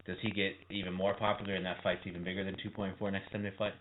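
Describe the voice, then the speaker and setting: Low-voiced guy talking quick on a sports podcast, kinda phone-line sound. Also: flat delivery. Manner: quick, chiming in and trailing off. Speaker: podcast co-host. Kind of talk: casual sports chat. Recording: tinny phone-like line with faint noise.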